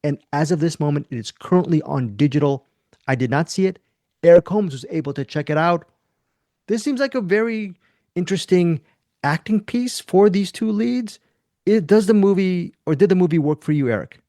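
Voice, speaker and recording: A man hosting a casual film review podcast in a deliberately lively, animated way. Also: no echo, studio quality. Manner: animated, self-described high lively voice. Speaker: podcast host.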